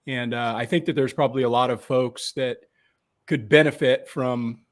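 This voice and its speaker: Mid-pitched man hosting, hesitant. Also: fairly even intonation, normal speed. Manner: hesitant, with fillers and restarts. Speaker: podcast host. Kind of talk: casual interview talk.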